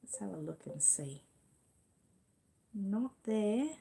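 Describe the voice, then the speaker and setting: A woman's voice: medium pitch, expressive, takes it slowly, gravelly, mellow, slightly rough. A middle-aged Australian woman hosting a casual livestream, chatting and reading viewer comments aloud with frequent laughs. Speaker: livestream host.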